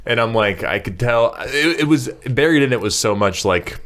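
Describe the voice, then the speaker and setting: An American man hosting a podcast, telling animated stories and laughing often. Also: medium pitch, moderate pace, hardly any pauses. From United States. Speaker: podcast host. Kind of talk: casual podcast chat.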